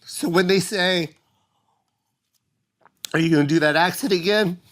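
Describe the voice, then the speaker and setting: A man's voice: high voice, unhurried, fairly bright tone. A middle-aged man from the United States tells an emotional story in casual chat, swearing often and acting out his mother's voice. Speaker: comedian guest.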